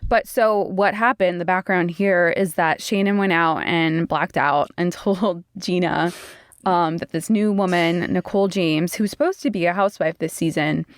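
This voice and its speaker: A woman's voice: lowish voice, normal speed, no echo, clean studio sound. A woman co-hosting a podcast, chatting casually and explaining legal basics step by step. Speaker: podcast co-host.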